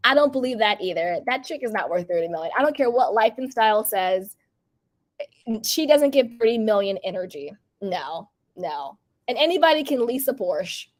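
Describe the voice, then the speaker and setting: A woman hosting a casual livestream, reading out chat comments in a bubbly, gossipy way. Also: a little high. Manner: bubbly, gossipy, uses "like" a lot.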